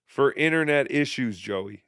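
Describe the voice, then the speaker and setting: A male host mocks the clips he plays, with deadpan, sarcastic asides. His voice is bright and crisp, and the recording is dry and close with no room sound. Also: medium pitch, unhurried, no echo. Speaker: podcast host. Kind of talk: sarcastic commentary over clips.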